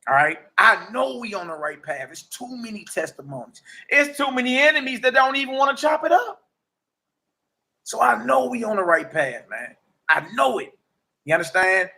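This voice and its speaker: A man in his forties giving a casual, preachy testimony as a livestream host, slangy and animated, often asking "you dig?". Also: high voice, moderate pace, vocal fry. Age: 40s.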